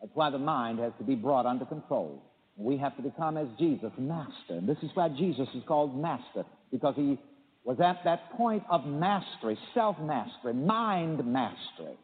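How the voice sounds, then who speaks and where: A man's voice: mid-range voice, lively intonation, moderate pace. A male pastor preaching on a call-in radio show with emphatic delivery, leading the listeners in repeated affirmations. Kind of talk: radio sermon. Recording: tinny phone line with hall echo.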